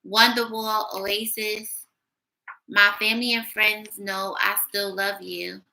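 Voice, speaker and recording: A woman giving a casual tarot reading, blunt and sassy, talking her thoughts out loud. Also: medium pitch, level tone, takes it slowly, gravelly, rough recording. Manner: blunt, sassy, thinking aloud. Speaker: tarot reader.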